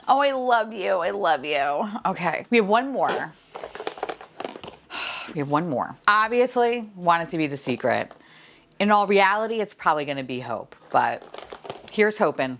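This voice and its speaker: A woman's voice: fairly low pitch, big pitch swings, unhurried, creaky, long pauses, fairly bright tone, slight background noise. A young adult woman chatting casually through a toy unboxing, gushing, gasping and swearing casually. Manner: gushing, gasps and squeals at each reveal, swears casually. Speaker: unboxing vlogger.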